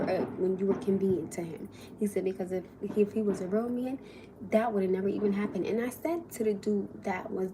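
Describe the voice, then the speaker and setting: A young adult woman telling a story on a casual livestream, animated, swearing and quoting the people involved. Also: mid-range voice, very noisy.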